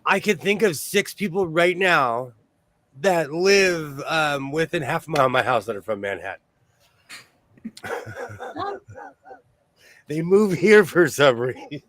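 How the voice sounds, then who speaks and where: Casting: fairly high-voiced man, sewing show host, rambling and animated. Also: takes it slowly, pauses often. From New York State. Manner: rambling, animated storyteller who laughs often. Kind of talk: casual chat.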